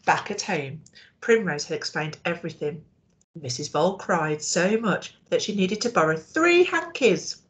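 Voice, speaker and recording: A woman teacher reading a storybook aloud to young children, expressive and asking them questions. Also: fairly low pitch, unhurried.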